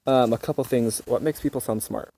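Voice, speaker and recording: A man's voice: medium pitch, a little fast, creaky, dark tone, a little hiss or hum. A young man playing a mock expert guest and bantering hesitantly, with frequent laughter. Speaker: interview guest. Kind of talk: mock expert interview and casual chat.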